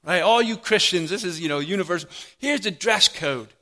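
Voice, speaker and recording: Male pastor, sermon delivery, bright slightly high tone, earnest and emphatic. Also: expressive, fairly quick. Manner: earnest preaching with rising emphasis and dropped-voice quotes.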